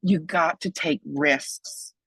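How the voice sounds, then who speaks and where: A woman in her forties giving a lively webinar talk, joking and chatty, with big excited leaps in her voice. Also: takes it slowly, husky, dry recording, low-quality recording. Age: 40s. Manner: playful, joking, chatty asides; big excited pitch jumps. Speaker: webinar presenter on donor relations.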